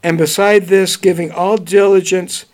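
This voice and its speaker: A man preaching a Bible study, reading verses slowly and then commenting in a relaxed, conversational way. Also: high-pitched. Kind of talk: bible teaching.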